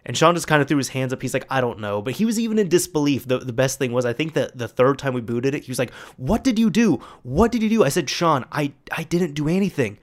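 A young man casually telling a story about fixing a friend's computer, acting out the quoted dialogue with lively energy. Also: medium pitch, fast talker, hardly any pauses. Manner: animated, acts out quoted dialogue. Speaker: storyteller recounting a tech fix.

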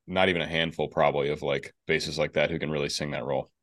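A male host and opera bass singer, talking eagerly in a relaxed interview. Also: fast. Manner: enthusiastic, talkative, many restarts. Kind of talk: casual interview chat.

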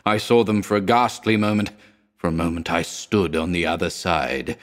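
A man voicing a terrified, drug-haunted man in a storybook reading, who swings between shrieks and moaning, hoarse whispers. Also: low-pitched, moderate pace, close to an everyday voice.

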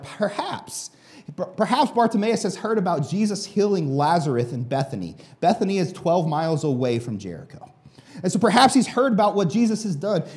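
High, lively man preaching casually. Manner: casual, conversational preaching with fillers. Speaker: pastor. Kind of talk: sermon.

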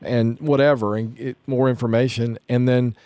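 A man's voice: medium pitch, fairly even intonation, normal speed, mellow, dry recording. A man giving practical, coaching-style parenting advice in a casual chat, then passing the turn to others.

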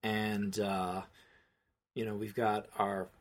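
A man's voice: fairly low pitch, flat delivery, slow. A man co-hosting a casual film podcast, rambling through his thoughts with many restarts and fillers. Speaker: podcast co-host.

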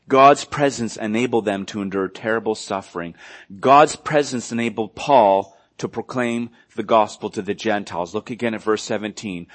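A male pastor preaching a sermon earnestly, moving between loud emphasis and hushed, quiet passages. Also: mid-range voice, normal speed.

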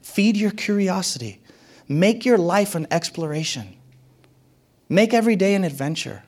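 Animated and darkish in tone, a man preaches at normal speed, returning to key phrases with emphasis. He drops to a whisper at some moments and rises sharply at others, his pitch swinging widely.

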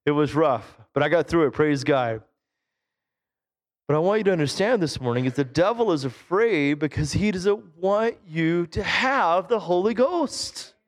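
A middle-aged man, a Pentecostal pastor, preaching a sermon in church, animated, with low asides and sudden shouted exclamations. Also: measured pace. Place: church sanctuary.

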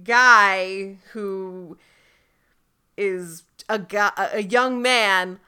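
A woman's voice: mid-range voice, steady tone, very slow, pushed and bright, smooth. A woman co-hosting a casual book club chat, retelling scenes animatedly with wry jokes. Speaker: podcast co-host.

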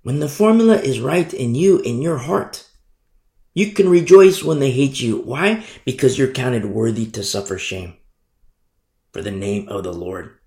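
A man's voice: mid-range voice, expressive, measured pace, a little mellow, reverberant. A man preaching a sermon, repeating key phrases and asking emphatic rhetorical questions. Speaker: pastor.

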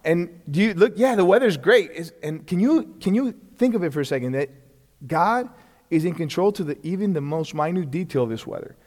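A man's voice: a little high, darkish tone. A man teaching a Bible lesson in a conversational way. He keeps checking in with the class, often restarts his sentences, and acts out bits of dialogue. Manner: frequent restarts and check-ins. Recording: long hall reverb.

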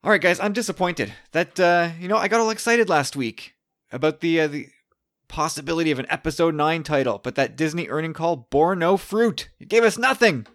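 A man hosting a podcast in casual, excitable chat, often restarting his sentences. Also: on the high side, fairly quick. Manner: chatty, excitable, with frequent restarts. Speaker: podcast host.

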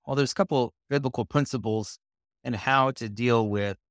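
A man co-hosting a Bible lesson discussion, explaining his points in a measured way. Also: mid-range voice, dry recording, studio quality. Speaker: co-host of a Bible study show.

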